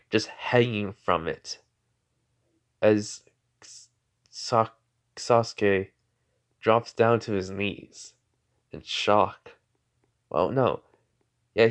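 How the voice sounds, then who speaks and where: A man with a fairly low voice casually invents a fan fiction story out loud. He rambles, leaning on "like" and "you know," and often corrects himself.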